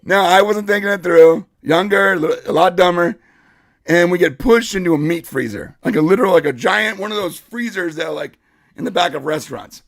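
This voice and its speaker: A man with a high voice and a gravelly edge tells a story on a podcast, casual and animated, slipping into the voices of the people in it. The sound is dry and close, with no room around it. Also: a little fast, dry recording. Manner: animated, acts out quotes. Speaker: podcast co-host.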